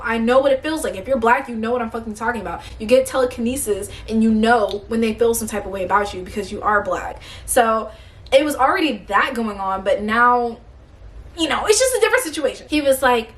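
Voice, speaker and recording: Young woman vlogger going off on a story, lots of cussing, kinda high voice, tired. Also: fairly quick. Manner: blunt, swears a lot, animated retelling. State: tired and hungry. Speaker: vlogger telling a story time. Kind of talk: casual storytime rant.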